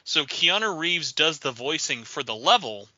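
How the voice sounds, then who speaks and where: A man hosting a gaming podcast in casual chat, animated and quick to laugh. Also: fairly high pitch, a little hiss or hum. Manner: animated, laughing, imitates others. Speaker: podcast host. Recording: dull lo-fi audio.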